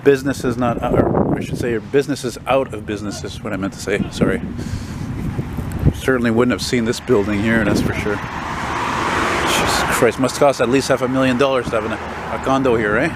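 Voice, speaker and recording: A man's voice: medium pitch, steady tone, a little fast. A man from Quebec with a French Canadian accent, talking casually and bluntly as he walks and films, swearing freely and grumbling about politicians. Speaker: vlogger. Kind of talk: casual walking vlog commentary. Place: outdoors on a city street. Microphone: handheld camera mic while walking. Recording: street noise from passing cars. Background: passing traffic and street noise.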